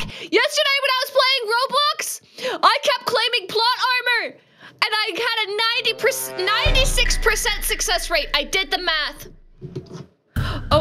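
A woman streaming a game live, chatting with viewers in an animated, jokey way with sudden yelps. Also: very high voice. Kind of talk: live gaming stream chat. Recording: noisy background.

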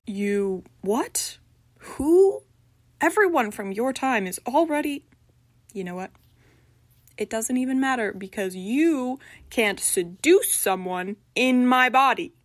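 A woman's voice: on the high side, lively intonation, slow pace, dry recording, pitched above the performer's own voice. A woman voicing an exasperated young man. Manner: casual, exasperated.

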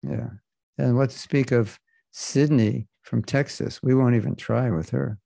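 A man teaching a scripture class in a gravelly, mellow voice. He talks in a loose, joking way and drifts off on side remarks. The sound is dry and close. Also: mid-range voice, steady tone, measured pace, no room sound. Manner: casual, joking, digressive. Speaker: spiritual teacher. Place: class in Florida.

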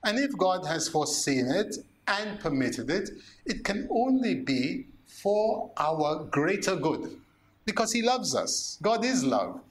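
A man, a priest preaching a sermon, slow and emphatic, asking rhetorical questions. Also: sits high, big pitch swings.

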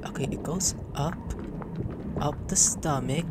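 A man's voice: on the high side, unhurried, heavy background noise. A man doing let's play commentary, exclaiming and swearing at what happens on screen. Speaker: gaming YouTuber.

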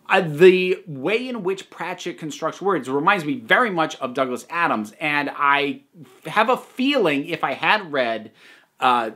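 Guy reviewing stuff on his channel, kinda high voice, thinking out loud. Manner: analytical, thinking aloud. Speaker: video reviewer, channel host. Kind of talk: casual spoken review.

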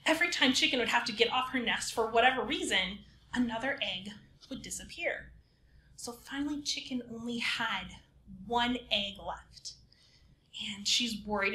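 Woman storyteller, bright and a bit high, playful children's-program read, roomy echo. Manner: lively, acts out characters in whispers and squeals. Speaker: librarian storyteller.

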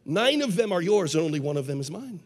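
A man preaching a parable, putting on a calm, gentle voice for Jesus that speaks low and quiet. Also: fast, a little hiss or hum. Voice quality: low, soft, hushed. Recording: long hall reverb.

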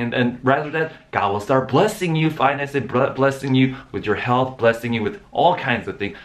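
A man's voice: medium pitch, a bit bright. A man giving an informal sermon, often restarting his words and rising into emphatic bursts. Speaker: preacher.

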